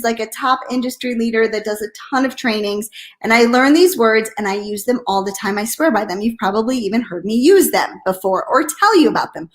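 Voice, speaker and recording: A woman coaching network marketers on a live stream, energetic and blunt, repeating "okay?" and acting out hesitant and excited voices. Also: fairly high pitch.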